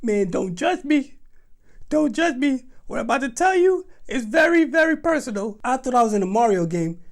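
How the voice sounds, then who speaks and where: A young man tells a comic story in an animated, dramatic, exaggerated way. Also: extremely high pitch, normal speed. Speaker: vlogger.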